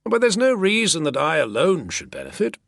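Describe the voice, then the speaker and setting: A man's voice: mid-range voice, sing-song, a little slow, a bit bright, breathy edge, no echo, studio quality, voice pushed up, exaggerated voice. Man voicing a sardonic drawling schemer. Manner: artful sardonic drawl, purring. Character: sly sardonic male schemer, smooth and persuasive. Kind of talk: audiobook character reading.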